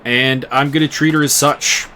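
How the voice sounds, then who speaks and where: A man giving casual play-by-play commentary on a baseball game he is playing, chatty and quick to laugh. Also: medium pitch, fairly even intonation, bright, forceful tone. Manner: chatty, laughs often, muses over player names. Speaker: game streamer commentating his baseball season.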